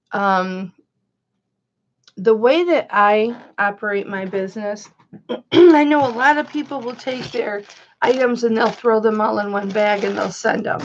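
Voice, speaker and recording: A woman's voice: a little high, muffled recording. A woman hosting a chatty livestream, greeting viewers by name and calling herself Mama. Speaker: live-stream host and reseller.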